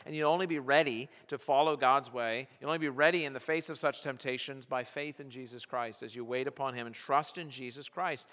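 Male pastor, sermon delivery, forceful, bright tone, long hall reverb. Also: medium pitch, fairly quick, hardly any pauses. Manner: preaching with rising, emphatic bursts.

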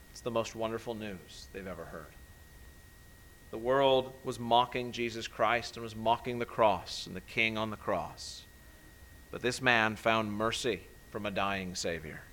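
A male pastor preaching a sermon, building to loud emphatic peaks and then dropping soft and low. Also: rough recording.

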